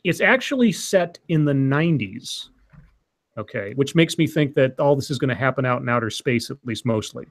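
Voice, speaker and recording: A man with a middle-pitched voice co-hosts a casual live stream. He is chatty and likes to explain topics at length. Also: lively intonation, moderate pace. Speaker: stream co-host.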